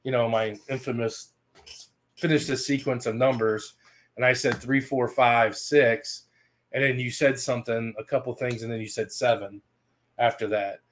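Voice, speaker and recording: A man's voice: medium pitch, steady tone, moderate pace, a little hiss or hum. A man co-hosting a paranormal podcast, chatting casually and filling in and correcting details of the night. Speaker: paranormal investigation podcast co-host. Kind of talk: casual recap chat.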